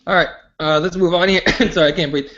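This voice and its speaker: A man's voice: fairly high pitch, steady tone, quick pace, a bit bright, dull audio. A man co-hosting a podcast, laughing along and steering the topics in casual sports banter. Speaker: podcast co-host.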